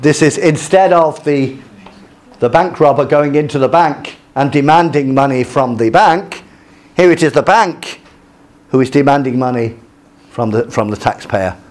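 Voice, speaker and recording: A man's voice: medium pitch, a little slow. Hesitant male lecturer with many fillers. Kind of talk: lecture with slides.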